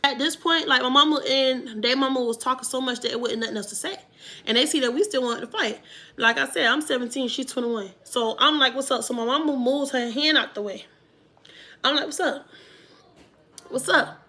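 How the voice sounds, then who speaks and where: A woman vlogger telling a storytime to her viewers in a casual, animated way, with emphatic loud bursts. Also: high-pitched, brisk.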